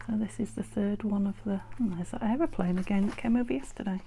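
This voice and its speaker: A woman hosts a homely crafting video, talking casually as she works and often lowering her voice to a near whisper. Her tone is mellow and slightly gravelly. She wears a clip-on mic, with a faint hiss of background noise. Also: steady tone, a little fast, few pauses, rough recording. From United Kingdom. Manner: chatty, often drops to a whisper. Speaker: crafting channel host. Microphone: clip-on mic with wire.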